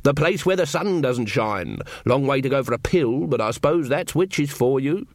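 A man voicing a slow-witted village man who drawls in a literal way. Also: medium pitch, lively intonation, no echo, studio quality, natural voice. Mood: knowing.

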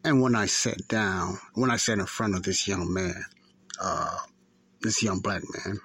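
A podcast host in his fifties speaks in a deep, steady voice that is a bit bright with a breathy edge, moving a little slowly. In casual talk, he tells a story in a rambling, repetitive way and keeps correcting himself.

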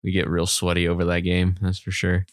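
A man's voice: low voice, monotone, a little fast, no room sound, clean studio sound. A man co-hosting a casual podcast, telling stories with laughs and swearing. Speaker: podcast co-host. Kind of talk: casual chat.

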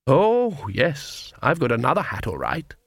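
A man reading an audiobook voices a calm, secretive older swamp witch who speaks slowly and deliberately. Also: medium pitch, gravelly, no room sound, clean studio sound, exaggerated voice. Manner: slow, deliberate, unhurried. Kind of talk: audiobook character voice.

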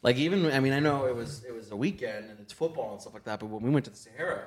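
A man's voice: mid-range voice, rapid-fire, slightly rough. A man of twenty-eight, a podcast guest, chatting casually with many filler words and a lot of swearing. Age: 20s. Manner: loose and profane, full of filler words. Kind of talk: casual chat.

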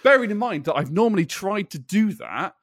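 A man co-hosting a podcast in casual chat, telling stories excitably and laughing often. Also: high voice, brisk, no room sound, studio quality. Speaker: podcast co-host.

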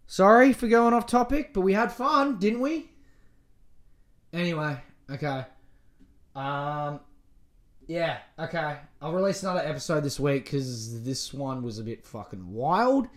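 A podcast host rambling through a casual solo monologue, swearing freely and poking fun at themselves. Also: medium pitch. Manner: profane, rambling, self-mocking; lively, swings between mutters and outbursts.

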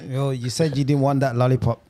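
A man's voice: mid-range voice, flat delivery, brisk. A man co-hosting a casual podcast who makes playful, jokey asides. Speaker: podcast co-host. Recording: crowd chatter clearly behind.

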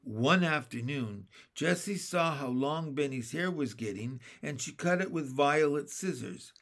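A man narrating a children's chapter book in a steady, plain read-aloud manner. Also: a little high, measured pace. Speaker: audiobook reader.

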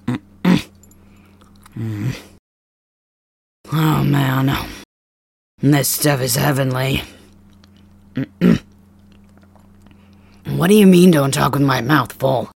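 A man voicing a gruff, teasing young male cat hybrid in an ASMR role-play, grumbling and blunt, with a gravelly, husky voice, close to the mic. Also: medium pitch, drawn-out words, pauses often, a little mellow, no echo, exaggerated voice.

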